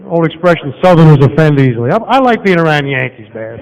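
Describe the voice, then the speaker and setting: Folksy preacher in a reverberant hall. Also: male voice, on the high side, fast. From Southern United States. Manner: folksy, lively, walking and pointing across the room. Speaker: guest preacher. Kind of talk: sermon. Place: large church auditorium. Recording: dull, long-reverb hall recording.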